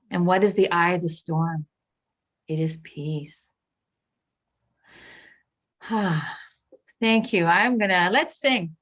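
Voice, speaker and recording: A woman minister giving a reflective spiritual talk, gentle and searching, with pauses and restarts. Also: on the low side.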